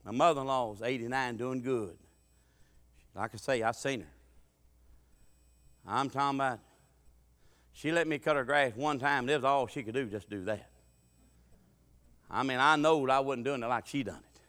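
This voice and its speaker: A middle-aged man preaching a sermon, telling folksy stories and swinging from hollering to quiet asides. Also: medium pitch, normal speed, pauses often.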